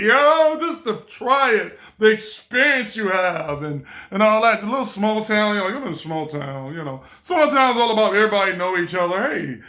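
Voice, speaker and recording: A young man from a small town telling a story to camera in casual chat, animated and laughing as he acts out the people in it. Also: high voice. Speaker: vlogger.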